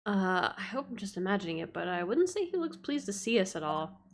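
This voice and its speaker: A woman's voice: medium pitch, big pitch swings, a little fast. A woman streamer casually playing a story game, reading the lines aloud in a playful, giggly way. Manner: playful, giggly, self-deprecating.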